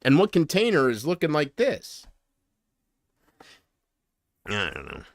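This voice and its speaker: A man chatting casually on a livestream, rambling and griping. He swings from loud complaints to muttered asides and trails off mid-sentence. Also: on the high side, huge pitch swings, slow, no room sound, clean studio sound.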